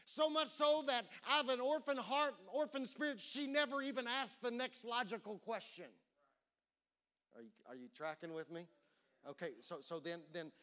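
A male pastor preaching a sermon in a dramatic way, repeating words and drawing out key phrases slowly. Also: high voice, fairly bright tone.

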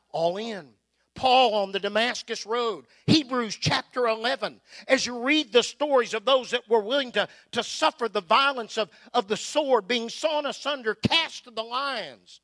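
High-voiced, bright impassioned male preacher. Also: no room sound. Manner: impassioned, rising and falling delivery with long pauses; drops to hushed, slow emphasis on key phrases. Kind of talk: sermon.

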